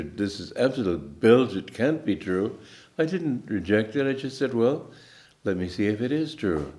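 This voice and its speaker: Calm, low-voiced man in his eighties. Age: 80s. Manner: calm, unhurried storytelling with pauses. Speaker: spiritual teacher. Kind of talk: spiritual talk.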